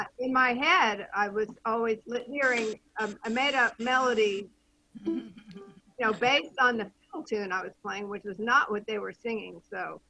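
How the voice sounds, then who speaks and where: A woman's voice: on the high side, sharp tone, slight background noise, poor audio. A woman at an online open mic, chatting in a rambling, self-deprecating way over a video call. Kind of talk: casual chat.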